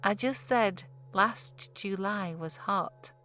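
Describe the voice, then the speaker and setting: A woman voicing an old male pub landlord with a broad Yorkshire accent, speaking slowly and deliberately, calm and ominous. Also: mid-range voice, faint music behind. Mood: mild. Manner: broad dialect, slow and deliberate.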